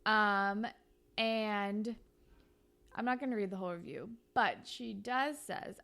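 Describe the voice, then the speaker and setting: A woman's voice: medium pitch, unhurried, vocal fry, a bit bright. A woman hosting a podcast, telling a story in a chatty, casual way full of "like" fillers. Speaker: podcast host.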